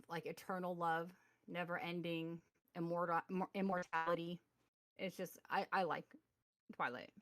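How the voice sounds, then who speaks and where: A woman's voice: on the low side, dry recording. Rambling woman co-host on a dry mic. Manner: rambling, with many fillers and restarts. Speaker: podcast co-host. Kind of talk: casual chat, reading articles aloud. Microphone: remote call mic.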